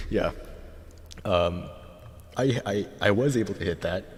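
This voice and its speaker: A man's voice: deep voice, unhurried, breathy edge, no echo. A man chatting casually on a live stream, rambling and self-deprecating, with a tired voice.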